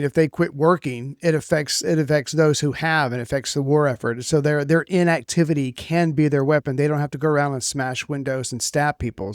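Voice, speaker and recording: A man's voice: a little high, darkish tone, smooth, no echo, studio quality. A man co-hosting a history podcast who talks bluntly and jokes, with casual swearing. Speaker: podcast co-host.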